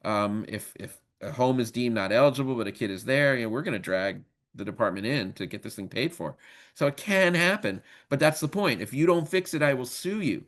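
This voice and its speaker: A man's voice: mid-range voice, animated, a little fast, a bit bright. Joking man teaching a webinar. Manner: casual, joking, many ums. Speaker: legal trainer. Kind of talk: training webinar lecture.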